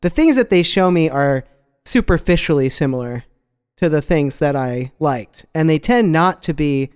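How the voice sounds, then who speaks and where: A man's voice: a little high, expressive, normal speed, darkish tone, smooth, long reverb tail. A man co-hosting a casual discussion podcast. He agrees often with "right" and lays out his reasoning point by point. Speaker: podcast co-host.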